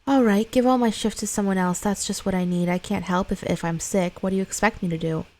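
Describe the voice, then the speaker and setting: A woman's voice: mid-range voice, fairly even intonation, brisk, a little mellow, close to an everyday voice. A woman reading a worn-out, bitter mother. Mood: weary. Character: exhausted, resentful young mother.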